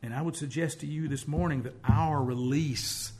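A man's voice: a little high, steady tone, normal speed, darkish tone. A man preaching as pastor, telling stories and acting out the voices of people he quotes. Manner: storytelling preacher who acts out quoted speech. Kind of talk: sermon.

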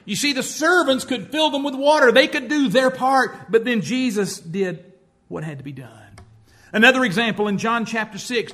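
A pastor preaches a sermon in a high, slightly bright voice. He's a storytelling preacher, acting out the voices of the people he quotes.

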